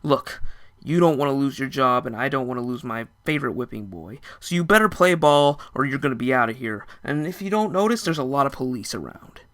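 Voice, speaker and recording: A man's voice: mid-range voice, lively intonation, fairly quick, a bit bright, natural voice. A man voicing a smug male boss who makes threats in a casual tone. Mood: threatening.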